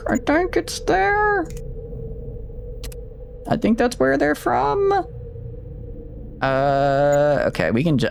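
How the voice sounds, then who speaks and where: A man's voice: on the low side, slight background noise. A man streaming a game, chatting casually and thinking aloud in a rambling way with lots of fillers. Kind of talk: casual gameplay commentary.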